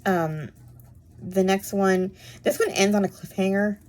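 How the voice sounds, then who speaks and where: A woman's voice: medium pitch, steady tone, measured pace, darkish tone. A woman casually chatting about books she read, rambling with lots of fillers. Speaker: book reviewer. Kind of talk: casual book chat.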